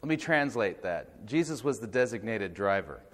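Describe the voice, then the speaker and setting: A man's voice: lowish voice, lively intonation, moderate pace. A male lecturer giving a critical talk, pointed and questioning. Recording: reverberant lecture hall.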